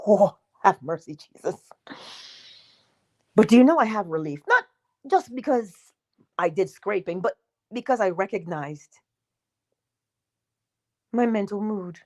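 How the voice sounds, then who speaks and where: Woman, livestream spiritual talk host; animated, wide-ranging voice, emphatic and chatty, acts out quick dialogues. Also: on the low side. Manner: emphatic, conversational, asks the audience questions; acts out little dialogues with herself. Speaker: spiritual teacher hosting a morning livestream. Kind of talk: live-stream teaching talk.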